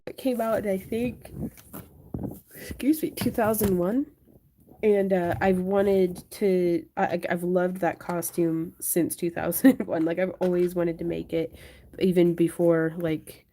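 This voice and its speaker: A woman's voice: lowish voice, flat delivery, measured pace, dark tone, slight background noise. A young woman hosting a craft livestream, chatting casually and answering viewers while she works. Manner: chatty, thinks aloud and answers viewer chat.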